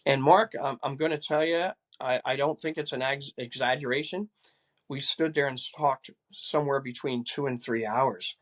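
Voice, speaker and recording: A man's voice: mid-range voice, fairly even intonation, moderate pace. Older man telling an earnest personal story. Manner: earnest, repeats words while recounting dialogue. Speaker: retired police assistant chief, guest.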